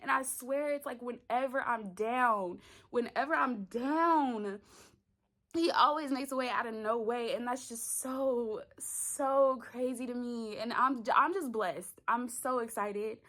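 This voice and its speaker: A young woman vlogging from her bedroom, gushing and tearful, talking in quick bursts with lots of fillers. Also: on the high side, a bit bright. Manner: tearful, gushing, talks in bursts with many likes. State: crying on and off. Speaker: vlogger and talk show creator. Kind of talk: emotional personal vlog. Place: at home, bedroom.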